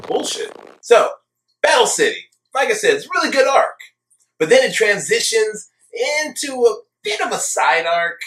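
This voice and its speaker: Young male anime reviewer, higher-pitched, sarcastic and emphatic casual rant, echoey room sound. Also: big pitch swings, a little slow, bright, forceful tone. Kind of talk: casual ranting commentary.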